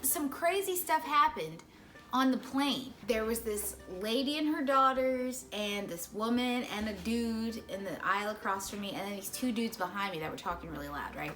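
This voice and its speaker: A young woman tells a story time vlog from her parents' home in a bright, tense-edged voice. She talks in a chatty, animated way, full of "like" and "right?". Soft music plays faintly behind her. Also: fairly high pitch, moderate pace. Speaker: vlogger.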